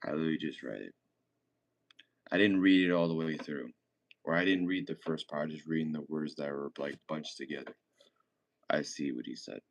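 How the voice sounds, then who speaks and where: Deep-voiced laid-back young man streaming. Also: moderate pace, creaky, pauses often. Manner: laid-back, swears often, rambling. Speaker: streamer reading chat. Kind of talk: casual chat.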